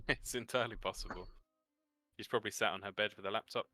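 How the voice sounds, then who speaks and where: A man's voice: fairly low pitch, quick pace, pushed and bright, faint music behind. A man narrating as game master of a tabletop role-playing game, describing scenes vividly and adding sound effects.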